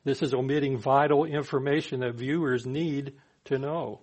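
A man's voice: mid-range voice, steady tone, moderate pace, a little mellow. A man preaching a sermon in a conversational way, sometimes acting out the people he quotes. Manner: conversational, acts out quoted speakers.

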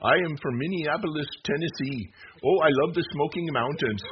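A man's voice: a little high, normal speed, close to an everyday voice. A man voicing a phone scammer who claims to be tech support, in an overly friendly, scripted way. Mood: fake friendly. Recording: muffled with steady background noise.

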